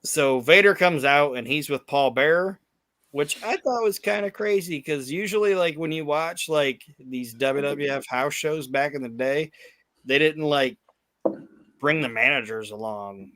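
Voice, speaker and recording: A man's voice: fairly high pitch, measured pace, fairly bright tone, no room sound. A man hosting a casual chat, retelling events loosely with lots of swearing and fillers. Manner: loose, profane storytelling with fillers. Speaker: podcast host.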